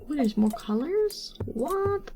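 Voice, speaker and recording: A woman's voice: mid-range voice, normal speed, over music. A young woman streamer chatting casually while she draws, rambling and teasing, laughing often. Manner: teasing, snarky.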